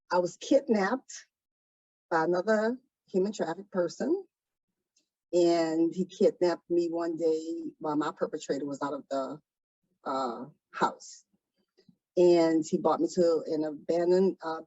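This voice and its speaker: Soft-spoken hesitant woman, dull lo-fi sound. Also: deep voice, no room sound. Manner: soft-spoken, hesitant, many pauses and ums. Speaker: trafficking survivor guest. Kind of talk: interview testimony.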